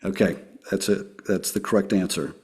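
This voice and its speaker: A man hosting a casual podcast, asking quick upbeat questions. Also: low-pitched, a little mellow, husky. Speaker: podcast host. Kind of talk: casual interview chat.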